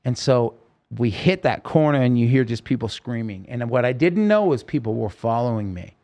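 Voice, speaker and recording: A man's voice: mid-range voice, lively intonation, normal speed, dark tone. A man, a podcast guest, telling a personal story in an interview, vividly and intensely, acting out quoted dialogue.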